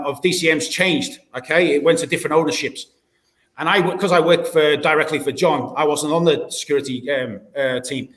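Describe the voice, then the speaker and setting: A man's voice: a little high, a bit bright, echoey room. An Australian man, a former doorman, telling blunt, swear-filled stories and acting out old arguments in a casual podcast chat. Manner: blunt, swearing, acts out quotes. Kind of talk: casual storytelling.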